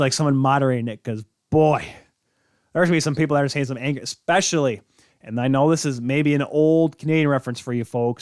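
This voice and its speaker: Male sports podcast host, mid-pitch, rambling and jokey, dry close mic. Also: clean tone, no room sound. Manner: rambling, self-correcting, jokey. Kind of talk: casual sports talk.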